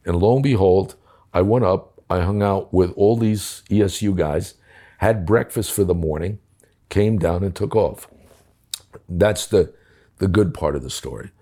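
An older man, a former police commissioner, tells a war story from his police days in a low, warm voice at a measured pace. The casual storytelling is blunt and profane, and he acts out the dialogue.

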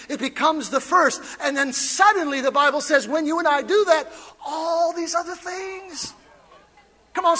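A man preaching an energetic, playful sermon in a church, calling out to the congregation and laughing along with it. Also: very high-pitched. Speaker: pastor.

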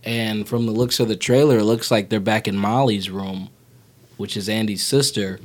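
A man's voice: lowish voice, steady tone, moderate pace, darkish tone. A man co-hosting a podcast, rambling playfully as he retells a movie plot. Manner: rambling, playful, retells plots with put-on voices. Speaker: podcast co-host. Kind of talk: casual podcast chat.

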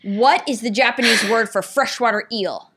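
Woman, comedy talk show host, deadpan, teasing, mock-insulting, slightly high voice. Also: normal speed, a little hiss or hum. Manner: dry, mock-insulting quizmaster.

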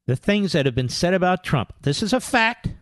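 A man's voice: high voice, big pitch swings, moderate pace, fairly bright tone, dry recording, clean studio sound. A man hosting a political talk radio show, sarcastic and emphatic, repeating words and mocking opponents in put-on voices.

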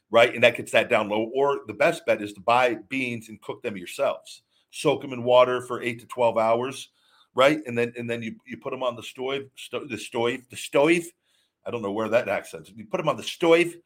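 A man hosting a live show, talking casually and emphatically with many restarts while reading viewer messages. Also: medium pitch. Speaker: host reading super chats. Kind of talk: live-stream casual talk.

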